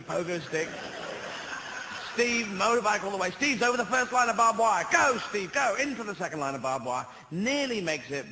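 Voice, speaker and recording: A man's voice: high voice, gravelly, sharp tone, rough recording. A British man doing a stand-up routine on stage, rambling through surreal asides in front of a live audience. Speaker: stand-up comedian. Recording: live stage recording with crowd noise.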